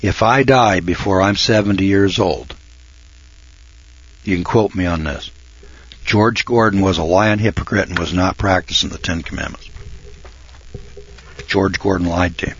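A man in his sixties hosting a radio program, talking in a folksy, cocky monologue that swings from low mutters to loud shouts. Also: measured pace, pauses often, slightly rough. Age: 60s. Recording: dull lo-fi dry recording.

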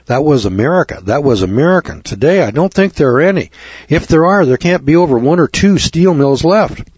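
A talk radio host with a fairly high, husky, darkish voice rants expressively and a little fast, firing rhetorical questions and sarcastic asides and calling his listeners kids. There's no echo, but the broadcast sounds dull and lo-fi.

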